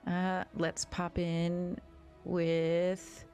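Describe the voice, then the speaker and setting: Slow, easygoing woman game master. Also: on the low side, soft background music. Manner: relaxed, guiding with prompts. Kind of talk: narrating a tabletop game.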